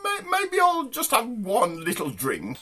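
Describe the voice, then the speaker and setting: A man's voice: extremely high pitch, huge pitch swings, unhurried, noisy background, pitched above the performer's own voice, exaggerated voice. A man voicing a tearful posh young woman turning down advances.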